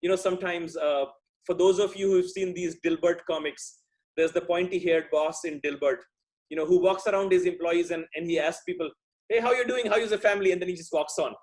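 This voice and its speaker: A middle-aged man from India gives a conversational talk as a guest speaker. His voice sits fairly high for a man. He speaks thoughtfully and often restarts his sentences. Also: steady tone, fairly quick, a little mellow. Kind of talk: talk on workplace relationships.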